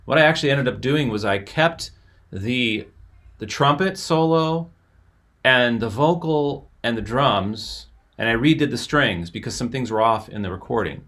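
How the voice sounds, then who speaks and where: A man's voice: medium pitch, lively intonation, moderate pace, a bit bright. Man talking through a song. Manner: explanatory, enthusiastic, talks over playing music. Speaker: host and musician. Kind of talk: casual music commentary.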